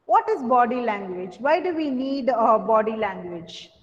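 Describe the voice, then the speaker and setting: A woman's voice: a little high, animated, unhurried, a little hiss or hum. A woman lecturing a class on communication skills, asking questions, repeating points and using many fillers. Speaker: college lecturer. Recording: dull lo-fi sound with long hall reverb.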